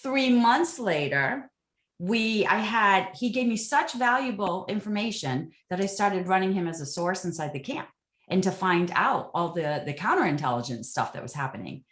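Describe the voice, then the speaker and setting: Woman guest, lively storyteller, roomy echo on her mic. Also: medium pitch, moderate pace. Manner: animated, acts out quoted exchanges. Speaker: former military interrogator, guest. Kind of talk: storytelling interview answers.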